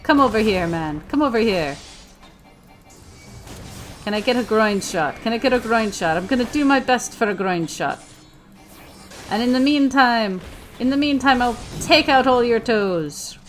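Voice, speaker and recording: A woman's voice: fairly high pitch, lively intonation, unhurried, pauses often, soft background music. A woman doing let's play commentary in character, playful and theatrical, often repeating her own lines.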